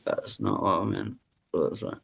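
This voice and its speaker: A man's voice: deep voice, steady tone, normal speed, gravelly, fairly bright tone, breathy edge. Crude, joking male stream host. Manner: crude, self-mocking, laughs often. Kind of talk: casual live chat.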